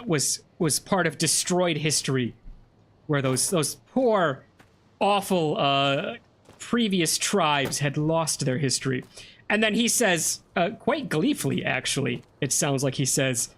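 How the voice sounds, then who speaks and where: A streamer giving casual, self-mocking commentary while playing a game, laughing often at their own mistakes. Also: mid-range voice. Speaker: gameplay streamer. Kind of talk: casual let's-play commentary.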